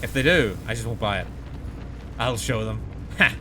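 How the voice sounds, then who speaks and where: A man's voice: lowish voice, moderate pace, pauses often, sharp tone, soft background music. A man streaming a video game live, chatting sarcastically and mocking himself with dramatic outbursts. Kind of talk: live gaming commentary.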